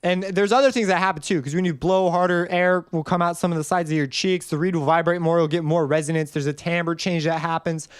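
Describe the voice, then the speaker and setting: High, smooth-voiced man teaching music. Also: fairly even intonation, fairly quick, hardly any pauses, no echo. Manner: loose, rambling explanations, sings note examples. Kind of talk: casual screen-recorded tutorial.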